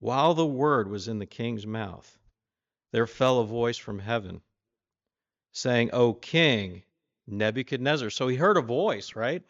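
A man's voice: animated, unhurried, dry recording, dull audio. A man giving an informal sermon, reading scripture and asking his listeners questions in a conversational way. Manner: voices the king boastfully, louder and higher. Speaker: preacher.

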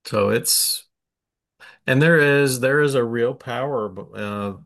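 A man joining a group discussion, speaking in a slow, halting way. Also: medium pitch, a bit bright. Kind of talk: casual discussion.

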